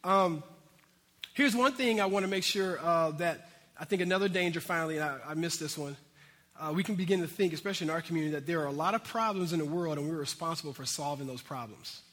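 A man's voice: fairly high pitch, fast, a bit bright, big-room sound. A man preaching a sermon in a casual, conversational way, with frequent asides to his congregation. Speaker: pastor.

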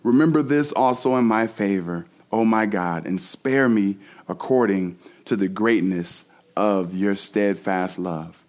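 A man's voice: lowish voice, unhurried, hardly any pauses, darkish tone. A man preaching a sermon as pastor, reading scripture and then speaking animatedly, restarting phrases and acting out quotes.

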